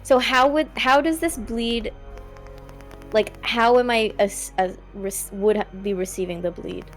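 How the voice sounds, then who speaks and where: A woman's voice: fairly high pitch, measured pace, faint music behind, poor audio. A woman player in a tabletop game, hesitant and explaining her moves with many fillers.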